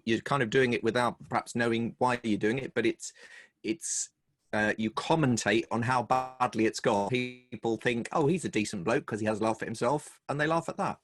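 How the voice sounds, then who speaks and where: A man's voice: mid-range voice, fairly bright tone, no echo. An English man with a wry, chatty, storytelling manner, a humor coach talking in an online interview over a video call. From England.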